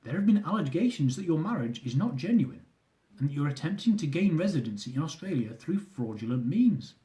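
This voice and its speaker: A man's voice: on the high side, big pitch swings, a little fast, warm tone, roomy sound. A man voicing a stern, formal female immigration officer, close to his own voice.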